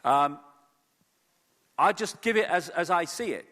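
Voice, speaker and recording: A man giving an animated lecture to a live audience at an event, with frequent fillers and repeated words. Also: high-pitched, measured pace, in a large hall. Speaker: speaker at an event. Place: event hall.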